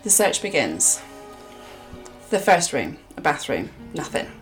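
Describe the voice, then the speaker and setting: A woman from England telling a true crime case in a casual chat, with dramatic pauses. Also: deep voice, huge pitch swings, faint music behind.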